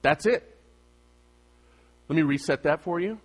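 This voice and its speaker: A man preaching a sermon as pastor, asking his congregation questions and swinging from loud emphasis to soft, quiet asides. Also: on the high side, measured pace, pauses often.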